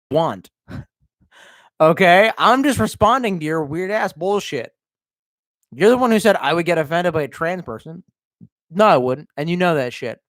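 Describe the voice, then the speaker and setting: Lively, ranting male livestreamer. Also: on the high side, no room sound. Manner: ranting, crude and sarcastic; reads viewer comments aloud. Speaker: livestream host reading chat. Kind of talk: casual livestream chat.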